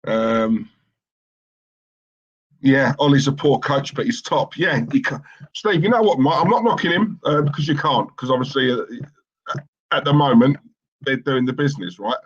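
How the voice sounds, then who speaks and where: A man's voice: mid-range voice, animated, normal speed, long pauses, slightly rough, lo-fi sound. A man co-hosting a live football watchalong stream, chatting casually and reading out viewer comments in a rambling, opinionated way with lots of fillers and restarts.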